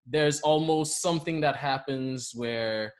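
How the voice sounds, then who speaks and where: Animated Saint Lucian man telling stories. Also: mid-range voice, slow. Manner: animated, laughs often while telling stories. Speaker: podcast co-host. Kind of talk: casual podcast storytelling.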